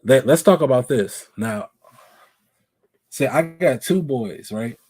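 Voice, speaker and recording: A man's voice: medium pitch, expressive, takes it slowly, a little mellow, breathy edge, dry recording, clean studio sound. A man hosting a live stream show, chatting casually and animatedly and asking his viewers questions.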